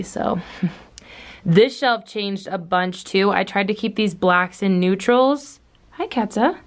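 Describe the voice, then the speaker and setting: A young woman from Southern California chatting casually in a home vlog, rambling with lots of fillers and small laughs. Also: mid-range voice. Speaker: book vlogger. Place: at home indoors.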